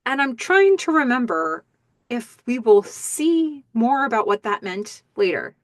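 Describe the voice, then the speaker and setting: A woman podcast host giving a casual episode recap in an animated, chatty way with many ums. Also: a little high, slow pace, no echo, clean studio sound.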